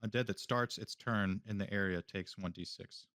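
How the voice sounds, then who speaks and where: A man's voice: fairly low pitch, fairly even intonation, moderate pace, a bit bright, no echo, clean studio sound. A man playing a tabletop game, helpfully checking the rules in casual chat. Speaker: player.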